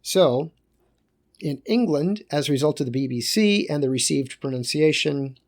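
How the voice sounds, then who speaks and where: A man's voice: fairly high pitch, lively intonation, normal speed. A male teacher giving a recorded lecture in a conversational way, with joking asides.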